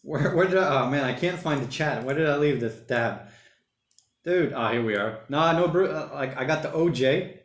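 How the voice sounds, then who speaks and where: A man in his thirties hosting a casual solo livestream from home, reading viewer comments aloud and rambling as he thinks out loud. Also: a little high, normal speed. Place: home during lockdown. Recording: roomy home room echo.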